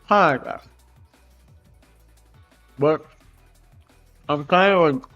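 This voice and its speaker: On dull lo-fi livestream audio with faint music, a man from Florida, United States, draws and chats very slowly in a slightly high, fairly bright voice. The artist rambles loosely and curses without much thought.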